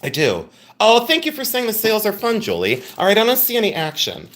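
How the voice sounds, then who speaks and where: A man's voice: high-pitched, wildly swooping pitch, a little fast, fairly bright tone, slight background noise. A middle-aged man hosting a live jewelry sale, chatting and teasing as he greets viewers by name. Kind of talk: live-stream sales chat.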